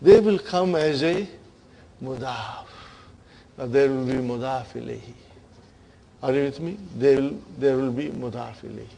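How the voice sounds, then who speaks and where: With a warm, gravelly, mid-range voice, a man teaches Arabic grammar a little slowly and pauses often. He patiently checks his class's understanding with frequent "okay?" and "huh?", addressing them as brothers and sisters.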